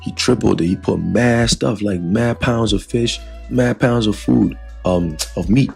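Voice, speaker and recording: A man's voice: fairly low pitch, measured pace, vocal fry, a little mellow, slightly rough, faint music behind. A man giving an informal religious lesson in a loose, conversational way, filling his talk with "you know" and "all right". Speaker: religious teacher.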